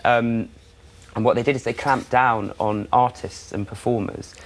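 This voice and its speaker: A man chats as a morning TV guest, his speech loose and full of restarts. His voice sits at a middling pitch. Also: steady tone. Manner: chatty, halting with restarts and fillers. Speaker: guest performer. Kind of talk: casual chat.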